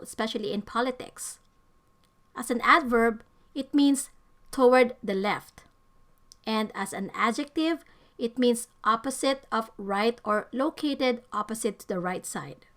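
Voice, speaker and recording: A woman with a fairly high voice reads a scripted vocabulary lesson. She speaks carefully and deliberately, leaning on each example word as she defines it. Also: a bit bright. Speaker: English teacher.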